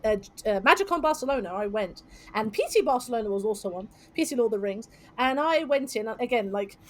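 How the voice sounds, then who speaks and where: A woman, hosting a podcast and telling a story in lively, casual chat, swearing freely. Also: on the high side, fairly quick. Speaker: podcast host.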